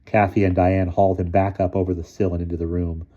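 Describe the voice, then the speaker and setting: A man reading a children's novel aloud in a calm, measured storytelling voice. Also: low-pitched. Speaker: reader. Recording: dull lo-fi sound.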